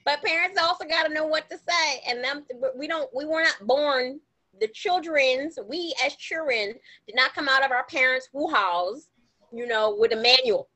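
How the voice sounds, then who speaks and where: A woman's voice: high-pitched, normal speed. A woman co-hosting a podcast in casual chat, blunt and emphatic, laughing often. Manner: animated storytelling, acts out quotes in exaggerated voices. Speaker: podcast co-host.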